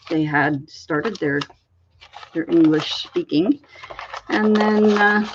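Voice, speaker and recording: A woman from Canada, hosting a crafting channel, chatting in a meandering way with a slight frog in her throat that she keeps clearing. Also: fairly low pitch, lively intonation, very slow, background noise. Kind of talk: casual rambling chat. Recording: dull lo-fi recording.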